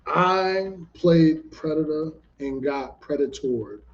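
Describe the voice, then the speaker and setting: A man hosting a casual show, telling a story in an animated, profane way and repeating himself for emphasis. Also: on the high side, takes it slowly. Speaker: host. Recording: dull lo-fi recording.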